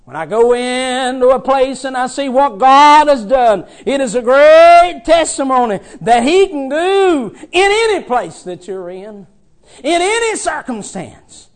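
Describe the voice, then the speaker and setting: A man preaching a sermon as a traveling preacher, fervent, swinging from soft passages to loud ones. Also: very high voice, expressive, measured pace.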